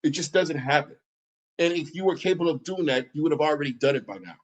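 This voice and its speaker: A man's voice: a little high, fast, lo-fi sound. A man streaming a heated reaction, talking back to a video in a combative, mocking, profane way.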